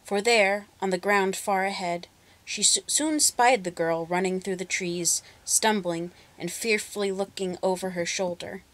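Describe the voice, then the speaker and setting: A woman storyteller narrating a folk tale with expressive, dramatic pacing. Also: medium pitch, a little slow.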